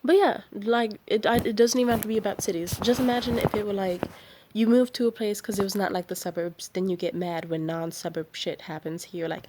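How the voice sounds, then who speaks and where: A woman's voice: mid-range voice, steady tone, fairly quick, background noise. Tired bay area woman ranting late at night, swears a lot, rambles. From San Francisco Bay Area. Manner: heated, profane, rambling. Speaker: vlogger.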